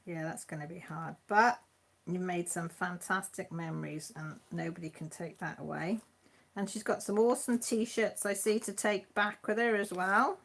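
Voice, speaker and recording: A woman's voice: fairly low pitch, fairly even intonation, normal speed, creaky, a bit bright. A woman hosting a live chat stream, chatting casually and rambling with many restarts, sounding tired.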